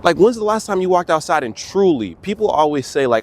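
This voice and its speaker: A man's voice: a little high, big pitch swings, brisk. Earnest young man talking outdoors. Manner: earnest, talks to viewers as "bro". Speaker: vlogger. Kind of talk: casual motivational talk to camera.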